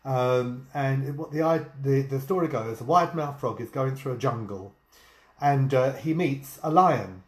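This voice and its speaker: Casual guy cohosting a vlog, lots of uhs, mid pitch, roomy echo. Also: unhurried. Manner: hesitant, many ums and uhs, chuckles. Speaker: vlog co-host. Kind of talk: casual storytelling chat. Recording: echoey room.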